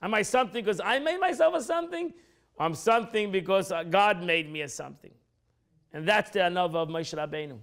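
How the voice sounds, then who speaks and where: A male rabbi leads a relaxed class, his voice sitting unusually high and swinging widely in pitch. He talks with a sound, repeats phrases and acts out quotes with lots of energy. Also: a little fast, creaky. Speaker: rabbi teaching a weekly class. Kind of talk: informal Torah class lecture.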